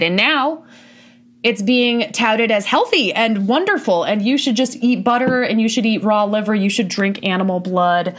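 Blunt woman hosting talk radio. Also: mid-range voice. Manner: blunt, sarcastic, rhetorical questions. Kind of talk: casual opinionated radio monologue.

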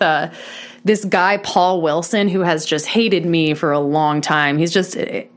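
A young adult woman hosting a talk show, talking in a sarcastic, mocking way and rambling with lots of fillers. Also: on the low side. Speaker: show host. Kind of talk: casual podcast monologue.

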